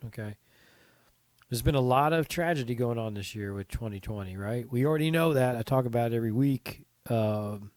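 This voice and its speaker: A man's voice: medium pitch, darkish tone, no room sound. Chatty American man hosting a podcast. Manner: chatty, rambling, earnest, with restarts and asides to listeners. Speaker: podcast host. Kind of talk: casual solo podcast talk.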